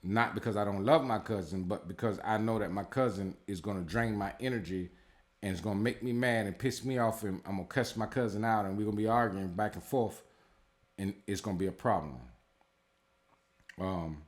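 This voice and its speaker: A man's voice: lowish voice, normal speed, long pauses. Blunt, foul-mouthed man giving life advice. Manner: blunt, heavily profane, street-casual; rambling, repeats himself, lots of fillers. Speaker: tarot reader. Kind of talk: casual spiritual advice monologue.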